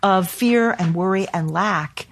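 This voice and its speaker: A woman hosting a reflective conversation, calmly coaching and acting out worried self-talk. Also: medium pitch, a little slow. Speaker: podcast host and teacher.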